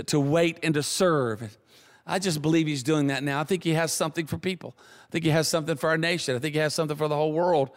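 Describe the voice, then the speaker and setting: Animated Southern Louisiana preacher. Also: male voice, a little high. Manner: animated, builds to excited shouts, repeats words. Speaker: guest preacher. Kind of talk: sermon storytelling. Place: church auditorium. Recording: reverberant church hall.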